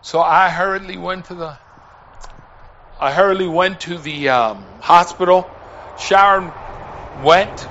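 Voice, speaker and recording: A man preaches a sermon in a high, bright voice. He talks slowly and deliberately, pleading with his listeners. His delivery swings from hushed telling to shouting. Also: lo-fi sound, slight background noise. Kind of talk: sermon with a personal story.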